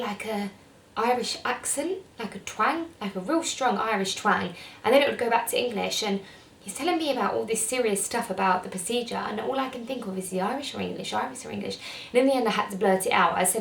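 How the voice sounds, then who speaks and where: A woman's voice: medium pitch, fairly quick, gravelly, distant mic, a little hiss or hum. Chatty young woman vlogging, roomy sound. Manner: chatty, rambling, lots of "like". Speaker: beauty vlogger. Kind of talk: casual talk to camera. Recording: roomy sound, mic set back.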